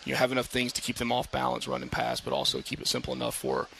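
Man, football coach, very gravelly, bright halting voice, on air from a patio. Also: medium pitch, slight background noise. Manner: halting, many fillers and restarts, animated when telling stories. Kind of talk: casual radio interview. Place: outdoor brewery patio at a live radio show.

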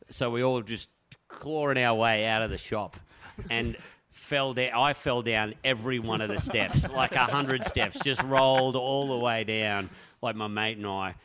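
A man in the middle of a casual comedic yarn on a podcast. His voice sits at a middle pitch, and he wanders and trails off while laughing often at his own story. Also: fairly bright tone. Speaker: podcast guest.

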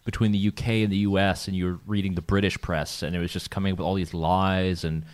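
A man's voice: low voice, little pitch movement, fast. A man co-hosting a podcast, talking casually with lots of fillers and restarts and laughing often. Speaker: podcast co-host. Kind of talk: casual conversation. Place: Vienna, Austria.

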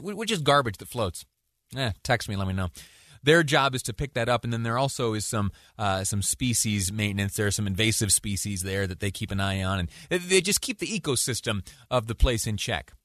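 A man's voice: lowish voice, a bit bright, no echo, studio quality. A man hosting a radio news show, telling a story in a rambling, self-deprecating way with many fillers and asides. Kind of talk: talk radio monologue.

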